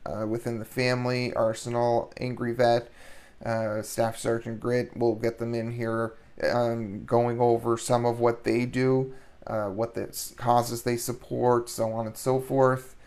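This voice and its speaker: Flat-voiced male stream host. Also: medium pitch. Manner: halting, many ums and restarts, addresses chat. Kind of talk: live stream hosting.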